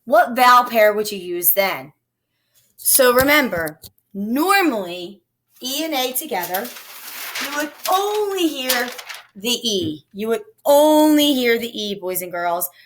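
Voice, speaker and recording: A woman's voice: on the high side, sing-song, takes it slowly, fairly bright tone, slight background noise. A woman teacher giving a recorded phonics lesson to young children, patiently sounding out each word. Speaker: elementary teacher.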